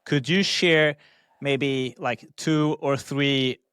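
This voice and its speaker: A man's voice: mid-range voice, steady tone, extremely slow, a bit bright, clean tone, no echo, clean studio sound. A man hosting a podcast, asking a guest questions in a casual, slightly hesitant way with filler words. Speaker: podcast host. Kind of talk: casual interview.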